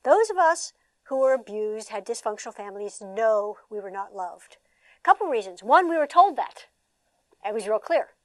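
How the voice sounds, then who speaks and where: An older woman, a trainer and former therapist, lecturing a seated audience at a workshop in an animated, conversational way, often asking the room rhetorical questions. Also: a little high, moderate pace, no room sound.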